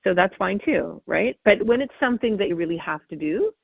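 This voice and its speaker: A woman parenting expert answering interview questions, animated and acting out what parents and children say. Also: mid-range voice, a little fast, gravelly, breathy edge, no echo. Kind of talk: interview answers, explaining technique. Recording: phone-like dry call audio.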